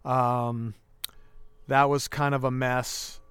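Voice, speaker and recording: A man's voice: medium pitch, flat delivery, slow, fairly bright tone, clean tone, dry recording. Podcast guest, male, 30s: candid, emotional storyteller, clean voice, dry studio mic. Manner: earnest, emotional, acts out quoted dialogue.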